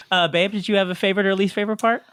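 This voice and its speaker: A man's voice: high voice, noisy background. A man hosting a podcast reunion, chatty and laughing often as he chats casually. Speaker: podcast host. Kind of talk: casual chat.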